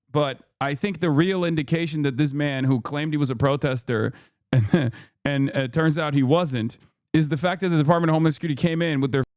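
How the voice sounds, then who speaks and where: A man's voice: a little high, darkish tone, dry recording, clean studio sound. Sarcastic man riffing on the news. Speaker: streamer reacting to news. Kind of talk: casual reaction commentary.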